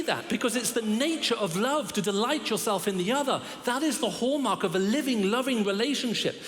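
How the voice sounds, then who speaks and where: A man's voice: sits high, animated, fast talker, hardly any pauses, fairly bright tone. Man preaching in a big echoing hall. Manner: storytelling with humor and self-deprecating asides. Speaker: guest preacher. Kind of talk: sermon. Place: large church hall. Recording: long reverb of a big hall.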